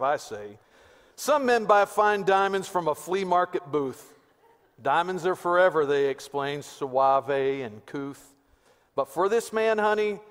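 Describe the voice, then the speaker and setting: A man voicing a folksy Texas redneck husband who recites a love poem in a slow, hammy drawl, recorded in a reverberant church sanctuary. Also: fairly high pitch, voice pushed up.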